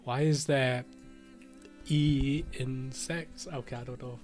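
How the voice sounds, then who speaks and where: A man's voice: medium pitch, slow, faint music behind. Slangy young man, laughing a lot. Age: young adult. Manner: slangy and animated, laughing often, lots of fillers. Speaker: podcast co-host. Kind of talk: casual chat.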